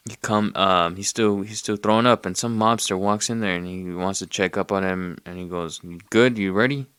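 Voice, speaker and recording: A man's voice: low voice, flat delivery, normal speed, a bit bright, clean tone, no room sound. A man casually retelling a movie plot in a rambling, profane way, with streetwise slang. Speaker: podcast host.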